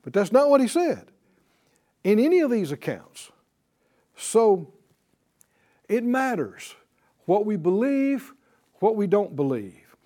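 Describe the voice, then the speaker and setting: A man with a high, mellow voice teaches a Bible class at an unhurried pace. He presses his points with emphasis, circles back to repeat them, and keeps firing questions at his students. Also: big pitch swings.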